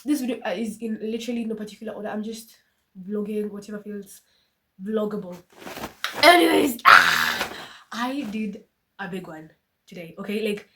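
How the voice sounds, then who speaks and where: A young woman with a Kenyan accent vlogging casually in her room, excitable and switching between English and Swahili, a bit congested and coughing from a flu. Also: mid-range voice, fairly quick. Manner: excitable, mixes English and Swahili, shrieks when thrilled. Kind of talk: casual vlog chat. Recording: distant phone mic with clear background noise.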